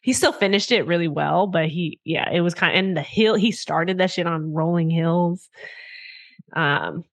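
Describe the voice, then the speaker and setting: A young adult woman co-hosting a podcast tells a story in a casual chat, her lowish voice unhurried. She acts out quotes and swears freely.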